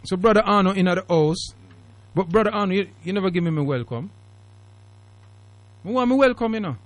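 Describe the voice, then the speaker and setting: In a radio studio, a male host fields a call-in talk show, emphatic and preachy, in British English strongly marked by Jamaican Patois. His high voice is animated and fairly quick, and the recording is dry.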